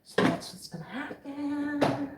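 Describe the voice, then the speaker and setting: A woman's voice: high-pitched, expressive, takes it slowly, heavy background noise. Chatty woman cooking on camera. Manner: chatty, jokey, talks to viewers while cooking.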